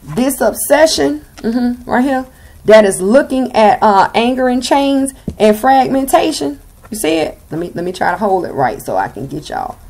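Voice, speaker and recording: A woman's voice: on the high side, a little mellow. A young woman with a Southern US accent giving a blunt, sassy tarot reading and swearing freely. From Southern United States. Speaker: tarot reader.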